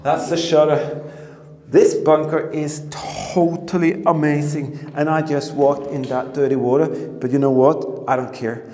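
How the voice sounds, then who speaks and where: Excitable man in an echoey bunker. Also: fairly high pitch, measured pace. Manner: excitable, exclaims and repeats himself. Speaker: history explorer vlogger. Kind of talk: excited exploration commentary. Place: underground bunker, indoors. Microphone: handheld camera mic. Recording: echoey bunker with long reverb, faint noise.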